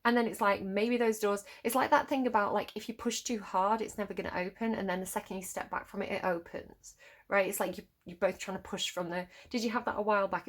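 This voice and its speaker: A woman in her thirties giving a casual tarot reading, chatty and laughing often, restarting her phrases. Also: medium pitch. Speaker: tarot reader.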